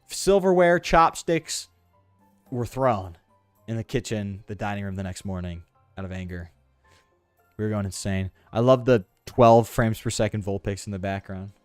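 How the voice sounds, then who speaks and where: Joking streamer man, lively voice. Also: lowish voice, normal speed, smooth, no echo, faint music behind. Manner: joking, self-mocking, slangy, breaks into character voices. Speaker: gaming streamer. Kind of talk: casual gameplay commentary.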